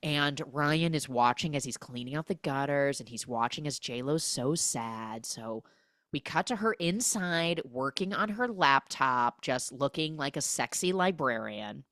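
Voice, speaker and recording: Low-voiced, animated woman podcast host. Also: measured pace, no echo, studio quality. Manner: animated, gossipy, full of 'like'. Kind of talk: comic movie recap.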